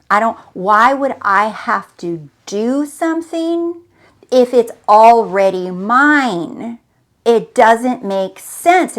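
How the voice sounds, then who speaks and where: A woman with a slightly high voice hosts a spiritual motivational talk. She speaks to the listener directly, insistent and repetitive, pressing each point home. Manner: emphatic, repetitive and coaxing, addressing the listener directly. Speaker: host.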